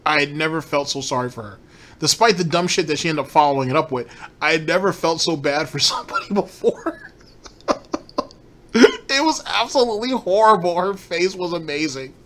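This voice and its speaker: A man's voice: a little high, a little fast, fairly bright tone. A man hosting a commentary show, ranting profanely and incredulously about a streamer's clips. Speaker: commentary host.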